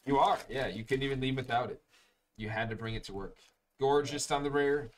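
A young man speaks fairly quickly in a medium pitch while hosting a live-streamed card break. He opens packs, chats casually, and calls out each card he pulls.

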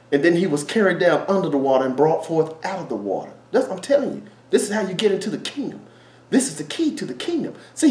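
High-voiced tearful preacher in an echoey room. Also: male voice, a little mellow. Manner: tearful, laughing, exclaiming and repeating himself. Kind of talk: emotional Bible teaching.

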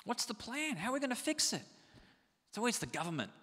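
A man preaching a sermon as pastor, animated and conversational, asking the congregation rhetorical questions. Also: very high voice, fast talker, in a large hall.

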